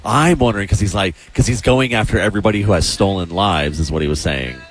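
A man's voice: lowish voice, fast talker, slight background noise. A man co-hosting a casual chat show, talking in an easygoing way with frequent restarts. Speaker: co-host.

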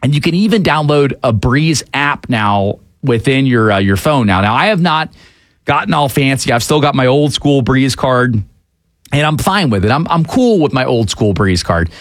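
A man's voice: mid-range voice, animated, normal speed, no room sound. A man hosting a talk show, giving casual, opinionated commentary on the news with frequent fillers. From Atlanta area, USA.

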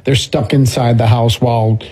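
A man's voice: mid-range voice, little pitch movement, moderate pace, darkish tone, husky. A man co-hosting a radio show, chatting casually with wry, joking asides. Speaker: radio co-host.

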